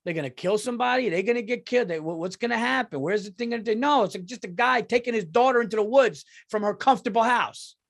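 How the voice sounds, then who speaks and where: A middle-aged man hosting a solo comedy podcast, retelling a movie with profane, animated outrage that drops to mumbling asides. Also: high-pitched, fast talker, hardly any pauses. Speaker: podcast host.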